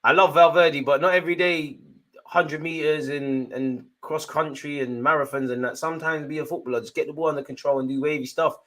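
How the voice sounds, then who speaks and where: Jokey man doing live match banter. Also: a little fast. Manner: chatty, jokey running banter with slang; swings between excited outbursts and low muttered asides. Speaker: fan watchalong host. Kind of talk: live football watchalong commentary.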